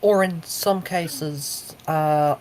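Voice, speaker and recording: Low-voiced woman with faint background noise. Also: extremely slow, darkish tone, rough recording. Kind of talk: casual chat.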